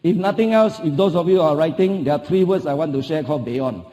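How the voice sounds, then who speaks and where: Man, Singaporean English accent, motivational keynote, high voice, long hall reverb, emphatic, rhetorical questions. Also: a little fast, warm tone, lo-fi sound. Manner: emphatic, repeats key phrases, asks the audience rhetorical questions. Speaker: motivational speaker. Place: large conference hall.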